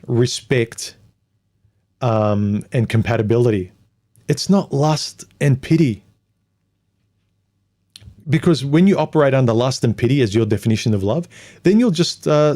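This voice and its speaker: A man's voice: mid-range voice, a little mellow. A man hosting a livestream, reading viewer comments and talking through them in a rambling way, sometimes mocking others in put-on voices. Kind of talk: casual livestream monologue.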